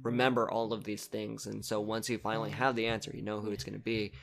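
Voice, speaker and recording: A man's voice: fairly low pitch, level tone, quick pace, vocal fry. A man co-hosting a podcast in casual chat, rambling and agreeable, full of fillers. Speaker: podcast co-host.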